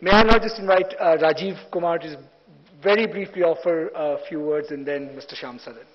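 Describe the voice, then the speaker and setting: A man's voice: on the high side, fairly quick. A man with an Indian accent moderates a panel, speaking politely and hesitantly with many fillers. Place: large hotel hall. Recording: dull recording in a reverberant hall.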